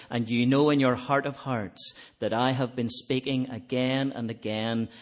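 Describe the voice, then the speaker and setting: A man preaching an evangelistic sermon, earnest, swelling to emphatic peaks and then dropping to soft, quiet appeals, closing in prayer. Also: mid-range voice.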